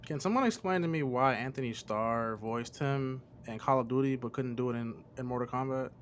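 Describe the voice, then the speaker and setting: Dude on a voice call, short casual replies, a bit of faint noise behind him. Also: male voice, medium pitch, a little fast. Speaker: co-host or guest on a chat stream. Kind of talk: casual chat.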